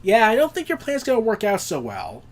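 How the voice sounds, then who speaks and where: A man talks through a comic book's plot in a casual, high-pitched voice that swoops up and down a lot. He acts out the characters' quotes as he goes and drops in sarcastic jokes. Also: huge pitch swings, brisk. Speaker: comic book reviewer. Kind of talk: casual recap and commentary.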